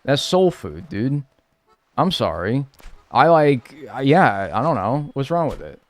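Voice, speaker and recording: Lively American man streaming. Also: medium pitch, slow pace, soft background music. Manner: joking banter with chat, swears freely. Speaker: streamer playing a life-sim game. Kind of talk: casual live-stream chat.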